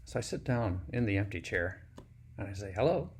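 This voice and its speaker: A man telling a personal story in a plain, unhurried, folksy way. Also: lowish voice, husky.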